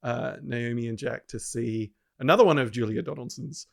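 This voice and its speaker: A man, a father chatting casually on a podcast in a relaxed, thoughtful way. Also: mid-range voice, normal speed, creaky. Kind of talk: casual chat.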